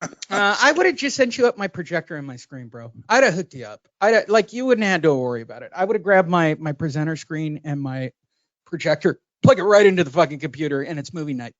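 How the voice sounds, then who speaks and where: A man with a fairly high voice chats loosely on a podcast, cursing and joking through his stories. The sound is dull and lo-fi and dry, with no room around it. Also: big pitch swings, fast, no room sound. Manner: profane, joking storyteller. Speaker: podcast co-host. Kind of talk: casual chat.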